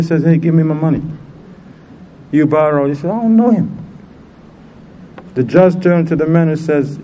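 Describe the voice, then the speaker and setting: Man, religious teacher, storytelling, quizzes listeners, acts out voices, mellow tone, faint background hiss. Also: a little high, rough recording. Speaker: Islamic teacher. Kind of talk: informal religious lesson.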